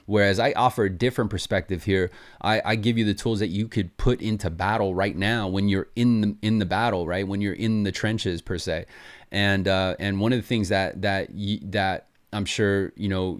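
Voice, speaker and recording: Sales coach, male, slightly low voice, lively and conversational, demos call openers. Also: moderate pace. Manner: animated, acts out sample sales calls. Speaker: sales trainer. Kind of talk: casual coaching talk.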